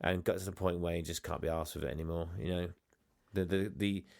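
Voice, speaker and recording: A man's voice: low voice, fairly even intonation, fast talker, gravelly, a little mellow. A man co-hosting a podcast, talking casually and often trailing off or restarting. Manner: meandering, trailing off, stammering restarts. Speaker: podcast co-host. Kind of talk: casual chat.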